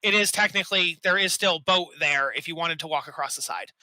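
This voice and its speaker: A man's voice: a little high, fairly quick, pushed and bright, dry recording, poor audio. A man running an online tabletop game as dungeon master, patiently explaining rules and chuckling often. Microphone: desk mic.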